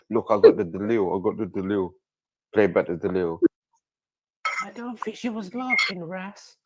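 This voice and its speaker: A man's voice: fairly low pitch, big pitch swings, moderate pace, long pauses, muffled recording. A man chatting on a stream, retelling stories while he keeps breaking into laughter. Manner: laughing storyteller. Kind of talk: casual reaction chat.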